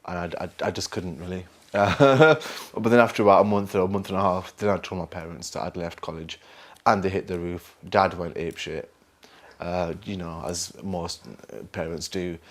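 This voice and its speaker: A young man with a Lancashire accent talks through his memories in an unscripted interview. His voice sits very low. He rambles, mocks himself and slips into other people's voices as he tells his stories. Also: moderate pace. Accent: Northern English, Lancashire. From England, Burnley. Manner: rambling, self-mocking storyteller with laughs and mimicry. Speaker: actor interviewee.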